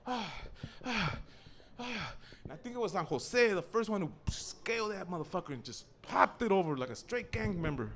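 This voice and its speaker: A young man telling a profane comic story at an open mic, acting out voices and shouting. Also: high-pitched, lively intonation, fairly quick, few pauses. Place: small cafe open mic stage.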